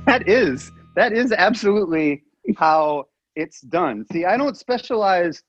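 A man co-hosting a comedy podcast in casual chat, laid back and quick to laugh. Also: high voice, expressive, no room sound, muffled recording, soft background music. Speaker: podcast co-host.

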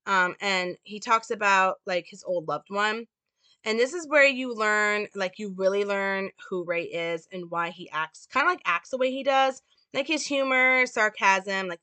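A woman's voice: mid-range voice, bright, forceful tone, no room sound. A woman casually reading and explaining a film script, with many fillers like "like" and "um". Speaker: presenter.

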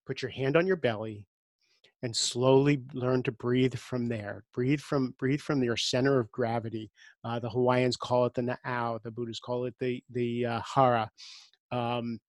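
A middle-aged man talking as a guest in a relaxed interview, earnest and thinking aloud, restarting phrases as he goes. His voice sits at an ordinary pitch for a man. The recording is dry and close, with no room sound. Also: no echo. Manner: earnest, repeats words while thinking aloud. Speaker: guest coach. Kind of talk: conversational interview.

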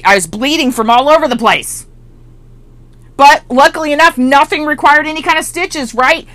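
A middle-aged woman coach telling a personal story in a casual, animated way, laughing often. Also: no echo. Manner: animated and expressive, laughs often, rising to high excited peaks. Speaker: mindset and business coach.

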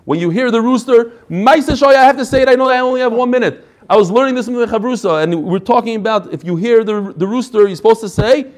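A man's voice: extremely high pitch, quick pace, hardly any pauses. A male Torah teacher giving a classroom lecture, reading each phrase and then explaining it with energy, adding chatty asides and jokes.

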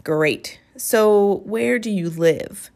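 A woman's voice: mid-range voice, very slow, darkish tone. Woman voicing Amanda, a brusque skeptical schoolgirl. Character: wary, sharp-tongued schoolgirl.

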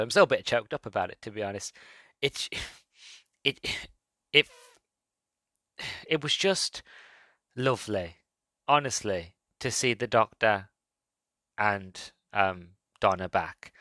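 A man giving a casual video review, excited and halting, often stumbling and repeating himself. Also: mid-range voice, no room sound.

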